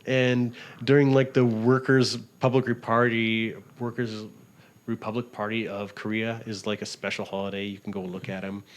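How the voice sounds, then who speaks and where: A Canadian travel writer appears as a guest in a casual interview, rambling through animated stories, laughing often and acting out what people said to him. His voice is lowish, at a moderate pace.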